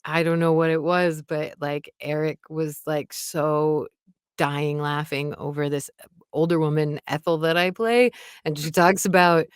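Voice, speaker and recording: Guest: young woman, lowish voice, loose and giggly, heavy on fillers; dry close recording. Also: fairly even intonation, measured pace, smooth, dry recording. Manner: chatty, laughs often, many fillers. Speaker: audiobook narrator, guest. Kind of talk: casual interview chat.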